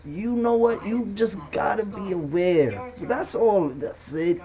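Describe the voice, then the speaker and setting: A man's voice: high voice, takes it slowly. A man hosting a live stream, ranting casually and profanely about relationships and social media. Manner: loose, profane, animated rants. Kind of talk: casual commentary monologue.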